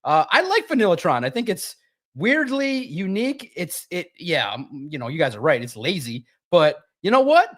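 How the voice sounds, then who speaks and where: Animated man talking football. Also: moderate pace. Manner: animated, emphatic, jumps into sharp high pitch for emphasis. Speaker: sports show co-host. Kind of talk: casual sports talk.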